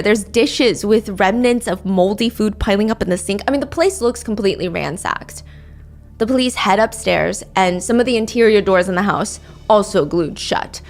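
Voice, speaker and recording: A woman with a medium-pitched voice narrates a true crime case. She dwells on grisly details and reads quotes out as she tells it. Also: moderate pace, faint music behind.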